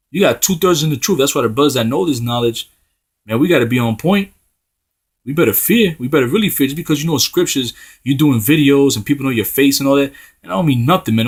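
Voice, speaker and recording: A preacher with a slightly rough, mid-range voice delivers a heated, profane street-style sermon, tagging "man" onto his phrases. He reads scripture slowly in old-style wording.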